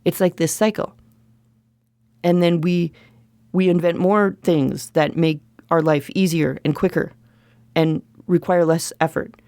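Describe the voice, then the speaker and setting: A woman's voice: on the low side, fairly even intonation, unhurried, dark tone, no room sound, studio quality. A middle-aged woman hosting her own podcast, talking on her own in a candid, emphatic way and repeating her points for stress. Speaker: podcast host. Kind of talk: solo podcast monologue.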